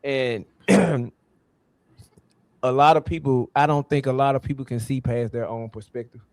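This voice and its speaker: A man's voice: medium pitch, fairly even intonation, normal speed. A man as a guest in a casual conversation, talking loosely and trailing off while he searches for the right words.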